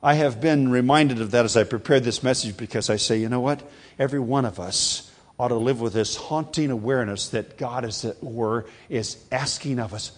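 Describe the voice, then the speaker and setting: An older man preaching a sermon to a congregation, emphatic and animated, calling on listeners to repeat phrases after him. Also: medium pitch, moderate pace, slightly rough. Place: before a live congregation.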